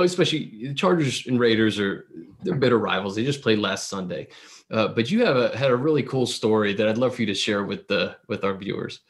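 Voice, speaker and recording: A man hosting an interview, often restarting his words with small stammers. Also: mid-range voice. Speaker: host. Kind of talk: casual interview.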